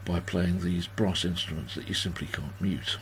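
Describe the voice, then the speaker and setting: Reading out viewer comments at the birthday party he's livestreaming from home, this sixties-aged host rambles and makes fun of himself in casual chat. His voice sits low with a fairly bright tone, and he speaks at normal speed. A little hiss or hum can be heard.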